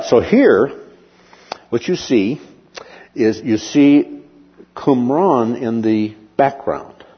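Guy lecturing over slides, lots of uhs, answers his own questions, husky voice, muffled roomy sound. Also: medium pitch. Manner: rambling, many ums and uhs, asks and answers own questions.

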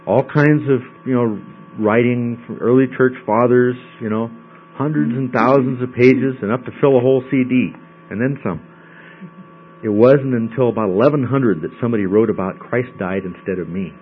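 A man with a medium-pitched voice and moderate pace leads a conversational Bible study, checking in with frequent "okay?"s. The recording is dull and lo-fi, with a mains hum.

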